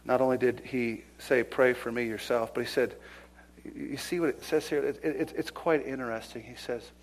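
A man preaching a fiery sermon in church, swinging between loud emphatic declarations and hushed whispers. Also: medium pitch, steady tone, moderate pace. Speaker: pastor. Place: church service.

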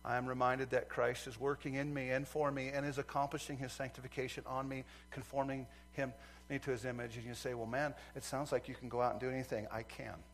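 A male preacher delivering a sermon, swinging from loud fervent outbursts to quiet earnest asides. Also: mid-range voice, level tone, fast, few pauses, a little hiss or hum.

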